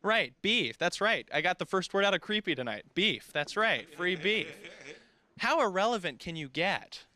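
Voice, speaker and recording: Animated young stand-up comedian. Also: male voice, high voice, normal speed. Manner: animated, jumps into shrieking character voices. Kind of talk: stand-up comedy set on a radio show.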